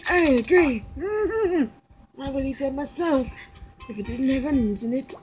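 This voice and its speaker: A woman with a high voice, playing a cooking game and joking her way through orders. Her talk is loose and teasing, with faint game music underneath. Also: expressive, unhurried, darkish tone, low-quality recording. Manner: playful, jokey. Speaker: gamer. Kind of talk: casual let's play commentary.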